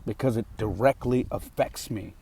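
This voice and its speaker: A man's voice: on the low side, normal speed, mellow, a little hiss or hum. An American man hosting a podcast, talking passionately and outspokenly in a solo monologue. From United States. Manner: impassioned and outspoken. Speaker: podcast host.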